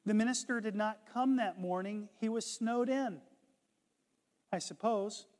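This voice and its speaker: A man preaching a sermon, retelling a conversion story and building to impassioned shouts. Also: high-pitched, a little slow, long reverb tail. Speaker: pastor.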